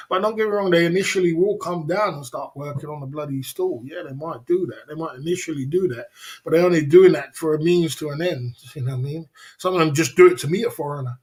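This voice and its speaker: A man's voice: a little high, a little mellow. A man hosting a casual livestream chat, laughing often and talking in drawling, slang-heavy asides. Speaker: livestream host.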